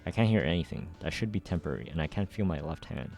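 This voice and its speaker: Man voicing a scared schoolgirl, tense inner monologue, very low voice, soft music behind. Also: expressive, quick pace, gravelly, exaggerated voice. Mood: anxious. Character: frightened young schoolgirl fleeing a burning city. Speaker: reader. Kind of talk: amateur story readthrough.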